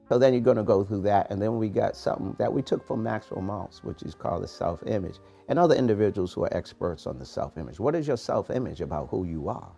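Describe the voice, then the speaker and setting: A man hosting a morning podcast, giving a preachy, animated motivational talk in street-casual phrasing. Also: fairly low pitch, quick pace, vocal fry, few pauses, faint music behind. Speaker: podcast host, motivational coach.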